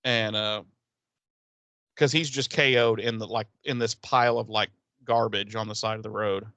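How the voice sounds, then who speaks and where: A man's voice: fairly low pitch, steady tone, normal speed, bright, forceful tone, no room sound. A man co-hosting a podcast, recapping a TV episode in casual chat, rambling and swearing with laughs. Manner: rambling, profane, laughing storyteller. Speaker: podcast co-host.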